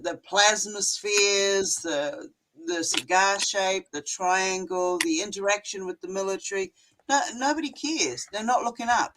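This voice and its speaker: A woman's voice: mid-range voice, a bit bright, a little hiss or hum, rough recording. A woman with a New Zealand accent, blunt and salty, who hammers her points home with repetition and casual swearing. She speaks over a remote call on a casual panel show.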